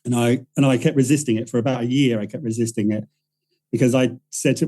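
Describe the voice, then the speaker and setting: Rambling man with a very dark voice. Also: mid-range voice, fairly even intonation, quick pace, poor audio. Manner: rambling, self-correcting storyteller who acts out quoted voices. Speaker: writer-director guest. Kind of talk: casual podcast interview.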